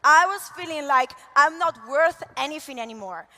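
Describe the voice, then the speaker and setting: A woman with an Italian accent giving an animated, gushing motivational talk from a convention stage. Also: sits high, moderate pace. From Italy. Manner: animated, gushing, lots of laughs. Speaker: conference speaker. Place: large convention hall. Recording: echoey hall reverb.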